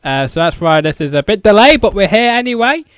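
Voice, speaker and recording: Halting British man hosting a podcast. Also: high-pitched, very animated, a bit bright, no room sound. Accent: British English. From United Kingdom. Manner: halting, repeats words, many fillers. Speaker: podcast host. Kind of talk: casual interview.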